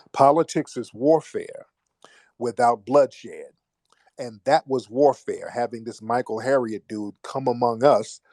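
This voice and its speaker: A man hosting a live call-in show, talking bluntly and mockingly, with pitched-up sarcastic asides. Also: warm tone, dry recording. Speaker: show host.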